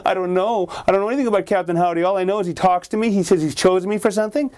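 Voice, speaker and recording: A frightened young boy in a spooky storybook tale, voiced by a male storyteller. He talks in a raised, strained pitch, anxious and pleading. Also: racing, darkish tone, close to an everyday voice.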